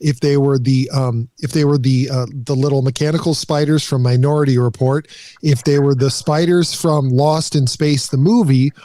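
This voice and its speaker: A man co-hosting a podcast, chatting casually in a quick, joking way. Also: medium pitch, steady tone, dark tone, no echo, studio quality. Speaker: podcast co-host. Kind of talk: casual chat.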